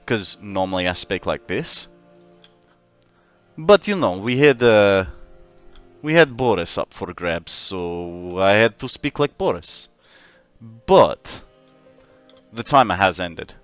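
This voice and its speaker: A man's voice: sits low, expressive, slow, long pauses, a bit bright, clear, resonant tone, no room sound, lo-fi sound. An Australian man streaming a game, chatting and joking with his viewers. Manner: joking, chats with viewers as he plays. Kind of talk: casual livestream chat. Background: faint background music.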